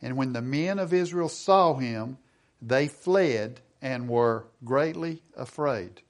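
A middle-aged man preaching a sermon. He reads scripture aloud, asks the congregation questions and slows down for emphasis. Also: mid-range voice, animated. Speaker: pastor.

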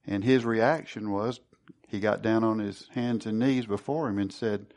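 Male Bible teacher, low voice, earnest and conversational, plain sermon delivery. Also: steady tone, a little slow, a little mellow. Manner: earnest, conversational, stops to repeat words.

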